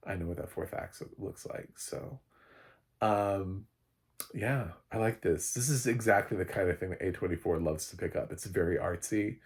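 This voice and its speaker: Gravelly low-voiced man rambling about a film. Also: a little mellow. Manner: rambling, restarts sentences, chuckles often. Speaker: film reviewer. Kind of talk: casual spoken movie review.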